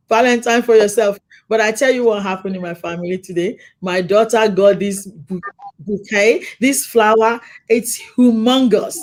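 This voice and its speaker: Her voice sitting fairly high, a middle-aged female host leads a relaxed conversation. She spins lively anecdotes, performing the dialogue and breaking into frequent laughter.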